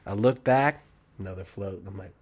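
A man's voice: lowish voice, normal speed. A young adult man, a barbershop podcast host, tells a rowdy story in casual chat, swearing freely and acting out the other people's lines. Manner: animated, profane, acts out quoted voices. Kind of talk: casual storytelling among friends.

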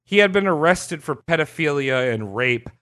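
A man hosting a casual podcast chat, telling a story in an animated, profane way and acting out quotes. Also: on the high side, normal speed. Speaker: podcast host.

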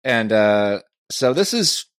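A man co-hosting a podcast, speaking in a relaxed, hesitant way, with many restarts. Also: on the low side, slow, smooth, no echo, studio quality. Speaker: podcast co-host. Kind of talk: casual podcast chat.

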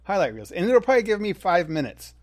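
A man's voice: sits high, quick pace. A man with a mid-range voice, talking on a podcast in an easygoing, conversational way. He often restarts his sentences as he thinks aloud. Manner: relaxed, conversational, with frequent restarts. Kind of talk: casual chat.

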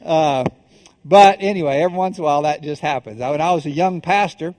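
A middle-aged man preaching from the pulpit, his voice sitting a little high for a man. He tells jokes at his own expense with stops and restarts, then slows into grave, deliberate phrasing. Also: a little mellow. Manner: self-deprecating storyteller, halting restarts, then measured solemn delivery. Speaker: pastor. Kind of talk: sermon with humorous stories.

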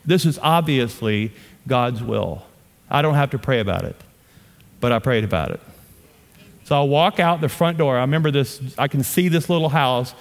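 A man preaching a sermon and telling a story, moving between loud, animated bursts and hushed asides. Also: medium pitch, normal speed, long reverb tail. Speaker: pastor.

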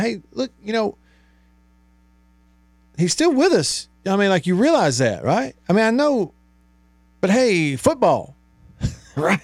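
Man hosting sports radio, animated and exasperated, slightly high voice, dry studio sound. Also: no room sound. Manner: animated, exasperated, rhetorical, rising to near shouts. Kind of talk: sports talk radio monologue. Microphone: studio microphone.

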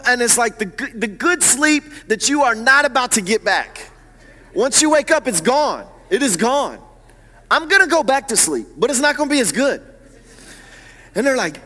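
Pastor, male, high voice, animated sermon delivery with hushed-to-loud swings. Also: in a large hall.

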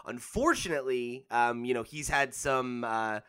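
A man's voice: medium pitch, moderate pace, bright, forceful tone, clean tone. A man hosting a casual gaming podcast, bantering and laughing easily with his co-host.

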